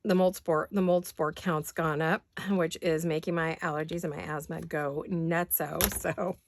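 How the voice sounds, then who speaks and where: A woman craft vlogger in her home studio, her voice raspy from allergies, chatting casually and self-deprecatingly to viewers while she works. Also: deep voice, level tone, normal speed, background noise.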